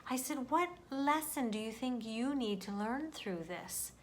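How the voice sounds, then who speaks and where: A mother speaking gently and earnestly in an inspirational vlog, sharing a spiritual message with viewers. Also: a little high, animated, unhurried, a little hiss or hum.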